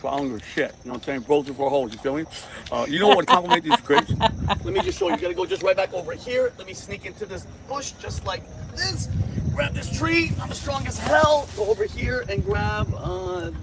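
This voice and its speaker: A man's voice: high-pitched, heavy background noise. A man doing a frantic goofy jungle bro. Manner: frantic, rambling, crude jokes. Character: loud goofy man chasing a jungle friend. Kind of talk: comedy video skit.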